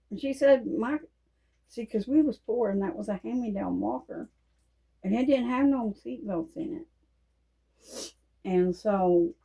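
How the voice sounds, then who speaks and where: Folksy woman, high voice. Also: low-quality recording. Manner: folksy, animated, laughs often. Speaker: Christian vlogger. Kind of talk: casual storytelling monologue.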